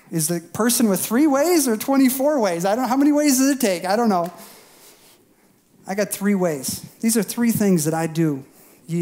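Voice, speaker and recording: High-voiced man preaching casually. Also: dark tone. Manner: conversational, folksy preaching; bursts into acted voices for emphasis. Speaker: pastor. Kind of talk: sermon.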